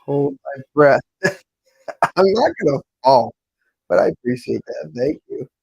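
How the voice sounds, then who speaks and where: Chatty husky-voiced man on a live stream. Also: on the high side, very animated, unhurried, a little mellow, no room sound, low-quality recording. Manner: chatty, talks to viewers' comments. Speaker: pin collector streaming live. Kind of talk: casual live-stream chat.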